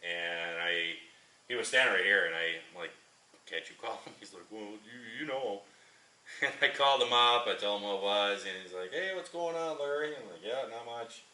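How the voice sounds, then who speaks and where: A man's voice: fairly low pitch, normal speed, pushed and bright. A man who drives a truck for a living, chatting in a rambling, repetitive way as he tells a story in his vlog from a repair shop. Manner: rambling, chatty, repeats himself. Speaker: trucker and channel host. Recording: echoey shop, mic at a distance.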